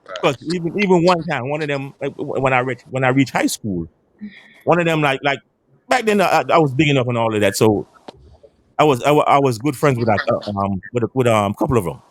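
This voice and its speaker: A man from Antigua with a West Indian accent, telling animated stories in a casual podcast chat and often repeating himself. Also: medium pitch, fairly quick. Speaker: podcast panel guest.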